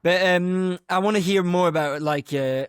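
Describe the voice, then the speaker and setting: A man's voice: sits high, moderate pace, smooth, no echo, clean studio sound. A man co-hosting a podcast in casual chat, talking in a rambling, hesitant way with lots of fillers. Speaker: podcast co-host.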